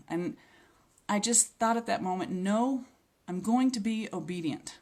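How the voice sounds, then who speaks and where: A woman's voice: medium pitch, unhurried, darkish tone. A woman giving a personal faith testimony, earnest and reflective, with small hesitations as she tells what happened. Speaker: speaker sharing a healing testimony.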